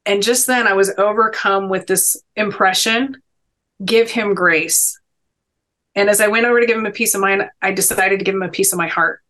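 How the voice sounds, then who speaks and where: A woman's voice: medium pitch, fairly even intonation, quick pace, hardly any pauses, pushed and bright. A middle-aged woman, a podcast guest, telling personal stories in an earnest, emphatic way during a sit-down interview. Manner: earnest, emphatic storytelling with inspirational lines.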